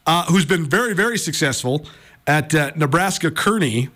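A man's voice: a little high, lively intonation, normal speed, pushed and bright. An American man hosting a sports radio talk show, rambling and chatty with lots of fillers and restarts.

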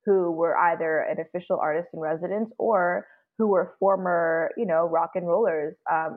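A woman musician as an interview guest, speaking candidly and thinking out loud with fillers. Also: lowish voice. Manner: candid, talks through points with fillers. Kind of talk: interview conversation. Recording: tinny phone-like line.

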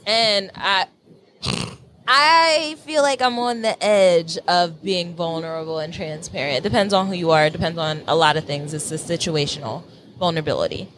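A woman's voice: lowish voice, moderate pace, a bit bright, slight background noise. A woman hosting a casual chat show, candid and chatty, telling personal stories and posing questions to the group. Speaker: podcast host.

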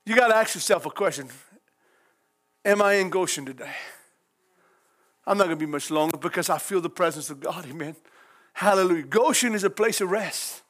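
Fairly quick but marked by long pauses, this high, slightly bright voice belongs to a Cajun-accented preacher. His sermon is folksy, full of frequent hallelujahs and praise Gods, with chuckles often slipping in between lines.

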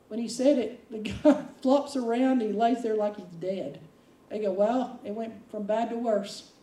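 A woman preaching a sermon, animated, acting out quotes with big swings of voice. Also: sits high, moderate pace, echoey room, distant mic, low-quality recording. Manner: animated, dramatic quoting with voice swings.

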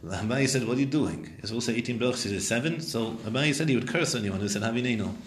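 A man's voice: mid-range voice, racing, reverberant, a little hiss or hum. A man teaching a Talmud class, translating Hebrew and Aramaic phrases and questioning his students.

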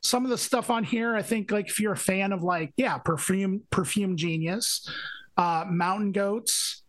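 A man's voice: high voice, a little slow, fairly bright tone. A man co-hosting a music podcast in casual chat, rambling and full of fillers as he hunts for words. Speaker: podcast co-host.

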